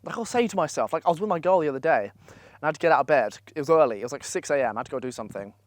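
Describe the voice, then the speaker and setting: A young man gives blunt, profane, energetic motivational advice in a casual vlog, speaking at a holiday villa. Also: on the high side, very fast, dry recording, studio quality. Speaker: online business coach.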